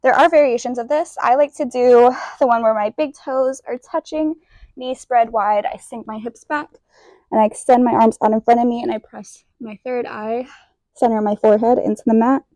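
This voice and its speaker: Young woman, yoga teacher, casual and self-deprecating, slightly high voice, dry close sound, a bit breathless. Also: fairly even intonation, normal speed, dark tone, dry recording. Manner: chatty, self-deprecating, demonstrating poses while talking. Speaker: yoga instructor. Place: indoor room, yoga mat.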